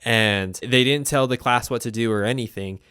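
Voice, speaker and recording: A man's voice: mid-range voice, normal speed, pushed and bright, clear, resonant tone, no room sound, clean studio sound. A man hosting a music production show, giving rambling, digressive explanations and correcting himself as he goes. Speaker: host. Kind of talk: casual teaching chat.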